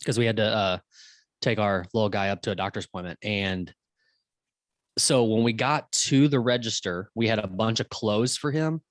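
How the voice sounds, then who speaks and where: A man's voice: on the low side, no echo. Chatty male podcast co-host. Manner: chatty, laughs along, quick asides. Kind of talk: casual podcast chat.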